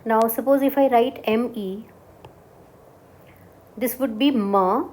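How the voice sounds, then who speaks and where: A woman's voice: fairly high pitch, fairly even intonation, takes it slowly, mellow. A woman teaching a beginner French class, explaining step by step and often checking that the students understood.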